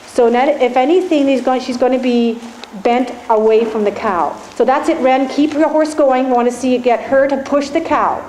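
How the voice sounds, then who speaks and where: A woman's voice: high-pitched, moderate pace, darkish tone. A woman riding instructor giving live coaching in an indoor arena, directive and encouraging as she talks riders through each step. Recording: echoey arena with faint ambient noise.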